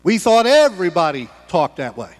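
A man's voice: sits high, big pitch swings, moderate pace, long reverb tail. A man preaching a sermon as pastor, folksy and conversational, with homespun humor.

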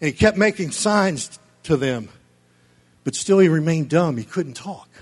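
A man with a notably high voice delivers a sermon from the pulpit. He preaches with fervent, climbing emphasis that pushes toward a shout. Between those peaks he drops into folksy, chuckling asides to the congregation. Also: expressive, unhurried, husky. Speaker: pastor.

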